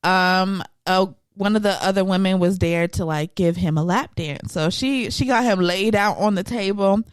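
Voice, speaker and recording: A woman hosts a casual podcast and tells stories with animation, jumping into other people's voices. Her voice sits at an ordinary middle pitch. The sound is close and dry. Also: moderate pace, clean tone, no echo. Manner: animated storyteller who acts out voices. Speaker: podcast host.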